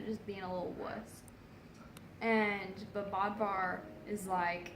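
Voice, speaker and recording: A woman's voice: medium pitch, fairly even intonation, slow pace, roomy sound, a little hiss or hum, rough recording. A tipsy woman retelling an old saga in a rambling, casual comic way, full of "like" and "so then". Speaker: narrator.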